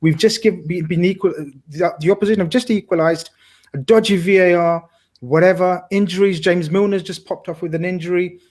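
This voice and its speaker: A man's voice: high voice, steady tone, a little fast, darkish tone. A man talking football on a casual podcast, talkative and blunt, swearing casually. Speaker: podcast co-host.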